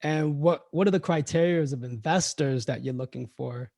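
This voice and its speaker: A man's voice: fairly high pitch, moderate pace, vocal fry, a little mellow. A man hosting a podcast, asking short, conversational questions. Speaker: podcast host. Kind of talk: interview questions.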